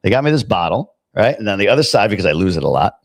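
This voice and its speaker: A man's voice: fairly low pitch, sing-song, rapid-fire, creaky, no room sound, clean studio sound. Chatty man hosting a live stream. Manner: chatty, reads out viewer comments, jokey asides. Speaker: livestream host. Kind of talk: casual live-stream chat.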